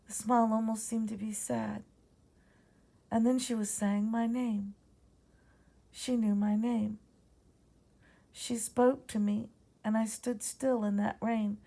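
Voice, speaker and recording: A woman with a Southern accent reading her own ghost story aloud in a quiet, measured way. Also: on the high side, gravelly.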